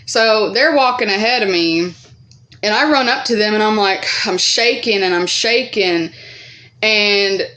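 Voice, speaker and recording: Rambling, profane woman vlogger. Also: unhurried. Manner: rambling, profane, many fillers; acts out quoted voices higher and louder. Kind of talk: casual storytime vlog.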